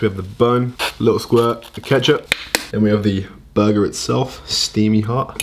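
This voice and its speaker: A young man with a fairly low voice talks through his meals in a home kitchen. His delivery is loose and chatty, with frequent swearing and jokes about his own mistakes. A faint hiss sits under the voice. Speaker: fitness vlogger. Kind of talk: casual cooking and diet vlog.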